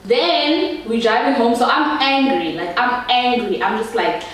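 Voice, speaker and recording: A woman's voice: fairly high pitch, lively intonation, normal speed, hardly any pauses. A young South African woman telling a storytime vlog, chatty and laughing as she talks straight to her viewers. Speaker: YouTuber. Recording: echoey room, voice from a distance.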